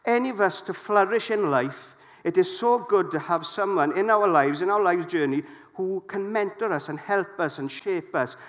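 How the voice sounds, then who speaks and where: A middle-aged man preaching a sermon, lively and jokey, putting questions to the congregation. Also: sits high, moderate pace, hardly any pauses.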